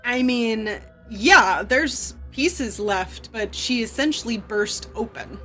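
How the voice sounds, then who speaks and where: Woman, game master, fairly high voice, chatty, loose, faint background music. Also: lively intonation, slow pace, a bit bright. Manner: chatty, loose, many fillers and restarts. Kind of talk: narrating a live tabletop horror game.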